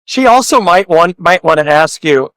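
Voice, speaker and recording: A man's voice: high voice, animated, moderate pace, a bit bright, clear, resonant tone, dry recording, rough recording. A man hosting a podcast interview, joking around and firing off playful hypothetical questions in casual chat. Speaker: podcast host.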